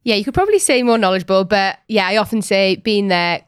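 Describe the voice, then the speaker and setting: Smooth-voiced Welsh woman, athlete guest. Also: medium pitch, lively intonation, quick pace, no room sound, clean studio sound. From Wales. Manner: friendly, laughs easily. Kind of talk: casual interview chat. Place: podcast studio.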